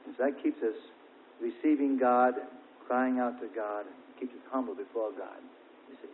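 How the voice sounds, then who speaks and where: Fervent preacher on a tinny line. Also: male voice, medium pitch, normal speed, a little hiss or hum. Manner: emphatic, swings between hushed and loud. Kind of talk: Pentecostal sermon. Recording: tinny phone-like recording.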